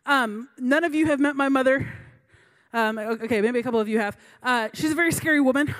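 A woman's voice: sits high, fairly quick, a bit bright. A young adult woman giving a sermon through a funny personal story, chatty and self-mocking, laughing between lines. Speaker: preacher.

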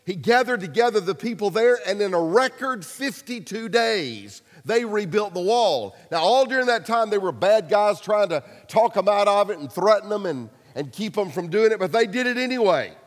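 High-voiced pastor in an echoing church. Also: male voice, lively intonation, normal speed, hardly any pauses. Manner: casual storytelling with humor and acted quotes. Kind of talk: sermon.

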